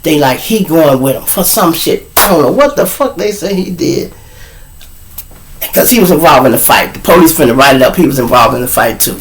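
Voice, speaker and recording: A man, hosting his show and casually telling a profane, animated story to his viewers. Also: fairly high pitch, fairly quick, background noise. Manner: animated, profane, acts out quotes, addresses audience. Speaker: show host.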